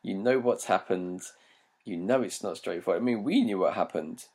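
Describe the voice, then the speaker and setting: A man's voice: sits low, moderate pace, a little mellow, breathy edge. A man from Britain co-hosting a film podcast, hesitant and laughing often as he talks. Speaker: podcast co-host. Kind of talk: casual chat.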